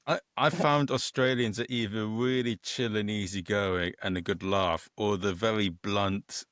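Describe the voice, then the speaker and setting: A man hosting a casual podcast interview, relaxed and joking, sometimes searching for his words. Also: lowish voice, unhurried, dry recording, clean studio sound. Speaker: podcast host.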